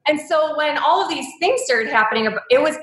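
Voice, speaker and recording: A woman's voice: high-pitched, lively intonation, a little fast, roomy sound, poor audio. A woman in her thirties telling her personal story as an interview guest, candid and emotional, with many likes and ums.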